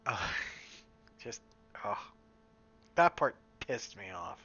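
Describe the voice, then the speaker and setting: A man's voice: on the low side, very animated, extremely slow, pushed and bright, breathy edge. A man from Western Canada vlogging in a casual, rambling way at home, full of fillers and restarts. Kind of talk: casual chat. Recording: slightly dull lo-fi sound.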